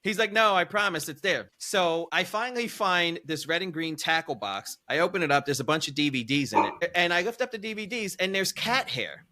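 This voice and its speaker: A man casually telling a long story on a podcast, animated and profane, his voice jumping high when he's incredulous. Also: fairly quick, hardly any pauses. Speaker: podcast co-host.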